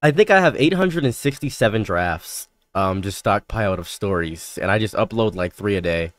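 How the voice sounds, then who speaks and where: A man's voice: lowish voice, normal speed, no echo. Guy rambling thru crazy stories, trips over his words, dry close mic. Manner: rambling, animated anecdotes with stammered restarts. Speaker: guest. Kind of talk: casual storytelling chat.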